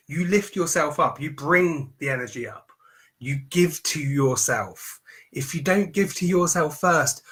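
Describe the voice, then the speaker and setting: A man gives a motivational talk over a live stream, hammering points home through emphatic repetition. His voice is bright and forceful, pitched a little above the usual for a man. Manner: emphatic and repetitive, preaching self-affirmation. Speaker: mindset coach.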